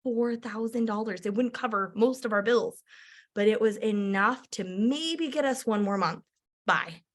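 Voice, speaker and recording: A woman, a direct-sales entrepreneur, telling a personal story in a chatty, animated way with lots of filler words. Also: on the high side, measured pace.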